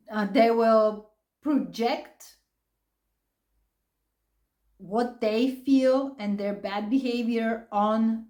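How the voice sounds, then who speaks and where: A woman's voice: mid-range voice, darkish tone, echoey room. A middle-aged woman explaining psychology casually and animatedly, acting out quoted lines and laughing often. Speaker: psychology video host.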